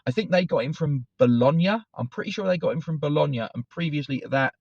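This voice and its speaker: A man's voice: on the high side, expressive, quick pace, vocal fry, darkish tone, no echo. A middle-aged man, chatting on his fan channel in a digressive, self-correcting way. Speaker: football fan channel host. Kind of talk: casual rambling commentary to camera. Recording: dry, slightly dull recording.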